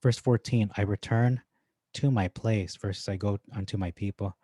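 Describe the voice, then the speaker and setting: A man talks through Bible verses in an informal study, comparing wordings as he goes. His voice sits low and mellow, and he often thinks aloud with pauses. The sound is dry and close, with no room echo. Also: steady tone. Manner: thinking aloud, with frequent "uh" and restarts. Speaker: Bible teacher.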